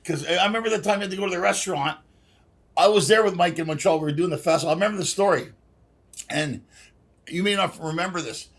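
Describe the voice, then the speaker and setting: Husky high-voiced man, animated storyteller. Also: fast talker. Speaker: guest comedian. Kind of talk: casual podcast chat.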